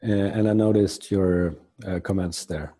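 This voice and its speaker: A man's voice: sits low, fairly even intonation, unhurried, dark tone. A man interviewing a guest, speaking hesitantly and with appreciation. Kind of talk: casual interview talk.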